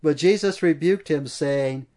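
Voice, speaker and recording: A male preacher delivering an expository sermon in a fairly high voice. He speaks emphatically and builds momentum through chains of repeated phrases. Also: a little slow, mellow.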